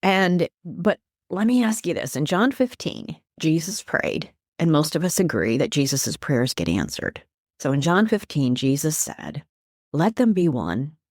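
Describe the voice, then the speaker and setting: Low-voiced woman teaching faith, preacherly. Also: measured pace, no room sound, studio quality. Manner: animated, preacherly, quotes scripture. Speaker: guest, life coach and minister. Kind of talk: earnest faith-based teaching in conversation.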